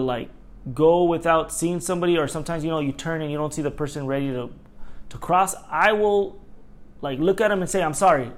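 A middle-aged man with a slightly high voice rants through a casual solo podcast. He tells his stories in an animated, profane way and acts out the lines of other people. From Los Angeles area. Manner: animated, profane storytelling with acted-out quotes. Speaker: podcast host.

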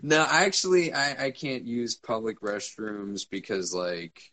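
A man's voice: on the low side, a little slow, pushed and bright, a little hiss or hum. A young man co-hosting a casual podcast chat, rambling with many fillers and swearing freely. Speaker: podcast co-host.

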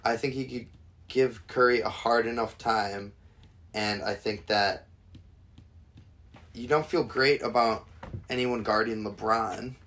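A young man co-hosting a podcast, chatting casually about sports in a halting, rambling way with frequent restarts. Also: lowish voice, steady tone, fairly bright tone. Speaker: podcast co-host.

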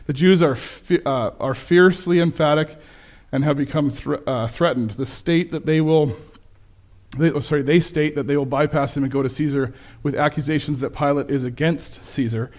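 A man preaching a sermon with slides, conversational and self-correcting, turning animated when he quotes people. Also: on the high side, normal speed. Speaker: pastor.

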